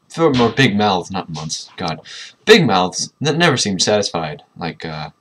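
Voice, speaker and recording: A man's voice: fairly low pitch, a bit bright, a little hiss or hum. A man reading a book aloud and breaking off into sarcastic, mocking commentary between passages. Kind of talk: casual dramatic reading with commentary.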